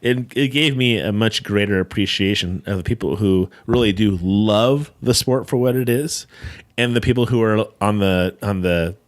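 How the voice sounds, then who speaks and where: Lower-voiced man telling animated stories. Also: moderate pace. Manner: animated storyteller, swears, laughs easily. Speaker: podcast host. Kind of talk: casual chat.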